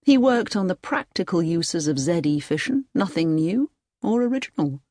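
A woman voicing a weary male security official in an audiobook reading, measured and level. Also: fairly low pitch, expressive, mellow, no echo, clean studio sound.

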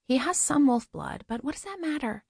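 A woman voicing a warm, teasing young woman friend in an audiobook, with an affectionate, playfully scolding manner. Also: high-pitched, animated, moderate pace, creaky, dry recording, clean studio sound, pitched above the performer's own voice. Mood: defending.

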